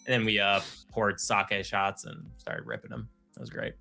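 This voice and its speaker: A man co-hosting a casual live stream, telling animated anecdotes and laughing as he talks. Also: lowish voice, moderate pace, vocal fry, soft background music. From United States. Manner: animated anecdote teller, laughs while talking. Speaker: co-host.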